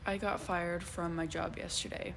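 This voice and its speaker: A woman talking in a casual vlog, hesitant and subdued, with many pauses and ums. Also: fairly low pitch, level tone, gravelly, slight background noise. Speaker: vlogger.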